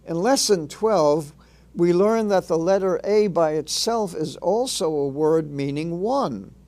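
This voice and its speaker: Slow, measured man teaching phonics. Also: on the high side, a little mellow. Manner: measured, spells out letters and sounds one by one. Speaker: reading teacher. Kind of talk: slow instructional narration.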